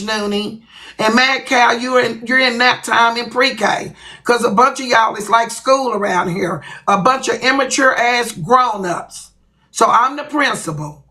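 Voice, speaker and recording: Woman livestream host, bright voice, blunt profane rant. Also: fairly high pitch.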